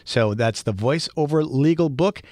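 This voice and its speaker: A man's voice: on the high side, lively intonation, unhurried, a little mellow, dry recording, studio quality. Chatty Boston-accented male podcast host. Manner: chatty, storytelling, laughs often. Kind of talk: casual podcast monologue.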